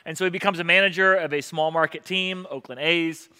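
A male pastor giving a conversational sermon, often pausing with fillers. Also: fairly high pitch, steady tone, pushed and bright, smooth. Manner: conversational preaching with many fillers.

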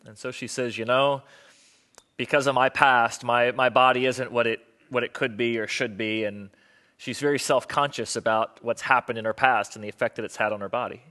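A young man preaches about marriage to a live audience in a conversational, self-deprecating way. He acts out the people he quotes as he goes. His voice is bright and sits at a middling pitch. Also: steady tone, normal speed. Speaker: pastor.

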